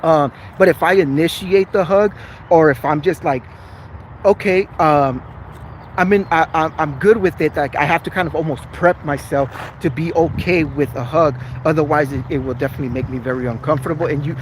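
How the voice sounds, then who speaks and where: A man's voice: fairly high pitch, normal speed, a little hiss or hum, poor audio. A man in a casual livestream chat with viewers, chatty, earnest and apologetic. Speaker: vlogger.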